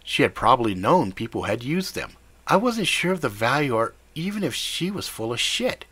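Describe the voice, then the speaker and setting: A man's voice: medium pitch, sing-song, normal speed, fairly bright tone, breathy edge, no echo. A man narrating a gritty first-person story in a profane, blunt manner. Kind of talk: scripted fiction narration.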